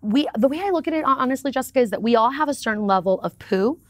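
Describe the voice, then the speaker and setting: A woman talking as a guest in a casual interview, with upbeat and expressive storytelling. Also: high voice, racing, no echo, studio quality. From United States. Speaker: podcast guest.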